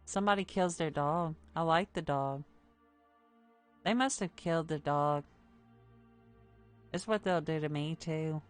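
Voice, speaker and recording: A woman streamer reading a dark story game aloud in a plain storytelling voice, breaking off for wry asides. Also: low-pitched, unhurried, long pauses, faint music behind.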